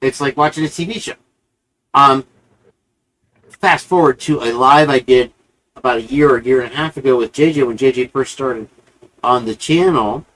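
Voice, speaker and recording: A man's voice: medium pitch, moderate pace, pauses often, fairly bright tone, low-quality recording. A man hosting a live-stream show, telling a long rambling story in a casual, profane, chatty way.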